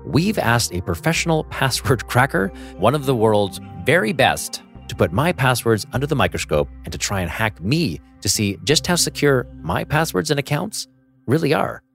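Lively male podcast host. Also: medium pitch, normal speed, gravelly, faint music behind. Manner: lively storytelling, self-mocking humor. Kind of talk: scripted narration and casual chat.

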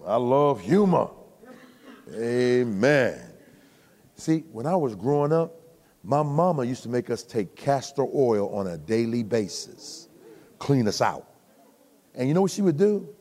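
An older man preaching a sermon, animated and humorous, sometimes shouting. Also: medium pitch. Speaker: pastor. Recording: reverberant hall recording.

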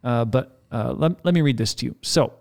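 A man's voice: medium pitch, moderate pace, vocal fry. A man co-hosting a casual Christian podcast, chatting easily and reading listener feedback aloud. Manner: relaxed, reads listener comments aloud. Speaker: podcast co-host.

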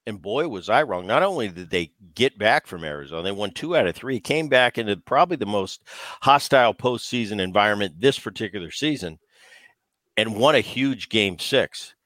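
A man's voice: on the low side, animated, moderate pace, a bit bright, no room sound. Man, former ballplayer, casual sports chat, emphatic, restarts often, dry close sound. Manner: emphatic, repeats himself with restarts. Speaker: baseball podcast co-host, former player.

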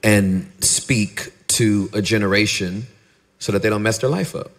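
A middle-aged man, a pastor and podcaster, talking candidly in an interview and acting out his stories with lively dialogue. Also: unhurried. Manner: animated storyteller, acts out dialogue in a high voice.

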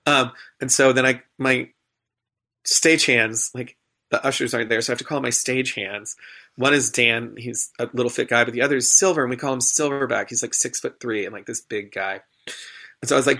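A man, a stage performer and emcee, telling an animated story and acting out the quoted lines. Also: medium pitch, a little fast.

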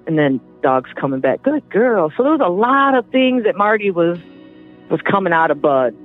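A woman recounting events in an interview, animated and acting out the voices and sounds she describes. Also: lowish voice, moderate pace, faint music behind. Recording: tinny phone-line audio.

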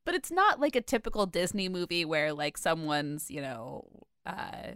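A woman chats casually as a podcast co-host, her pitch swinging all over as she gushes. Her voice is smooth and resonant, and it sounds dry and close. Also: moderate pace, no room sound. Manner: animated, gushing, filler-heavy. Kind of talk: casual chat.

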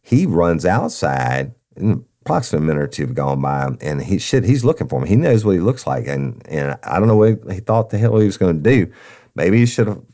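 A former police officer hosting a podcast, telling a crime story in a blunt, profane, emphatic way. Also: male voice, sits low, sing-song, fairly quick, mellow. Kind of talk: casual true-crime storytelling.

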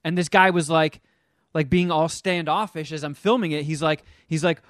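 A man hosting a podcast, telling a story in casual chat, animated and profane. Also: a little high, moderate pace, no echo, studio quality. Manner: animated, profane, acts out the people he quotes. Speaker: podcast host.

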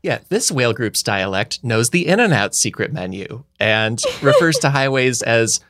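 A man's voice: medium pitch, big pitch swings, normal speed, fairly bright tone, no echo. A man co-hosting a casual podcast, playful and joking as he talks. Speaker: podcast co-host. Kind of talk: casual chat.

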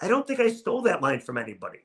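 A man's voice: a little high, huge pitch swings, rapid-fire. A man hosting a solo sports podcast, reading listener comments in a wry, self-mocking way.

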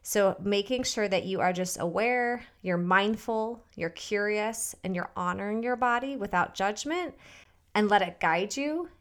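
A woman in an easygoing podcast conversation with a middle-pitched voice. She tells a short anecdote and sums up the episode in a chatty, friendly way. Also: a little slow. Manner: relaxed, chatty, wraps up the show. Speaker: podcast co-host. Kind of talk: casual podcast chat.

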